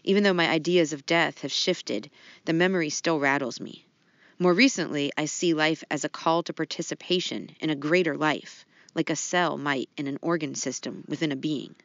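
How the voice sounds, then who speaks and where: A woman's voice: low voice, moderate pace, no echo. A woman co-hosting a podcast, chatting casually and reading out a listener's letter. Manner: laughs easily, casual with fillers. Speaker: podcast co-host. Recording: dry, dull lo-fi sound.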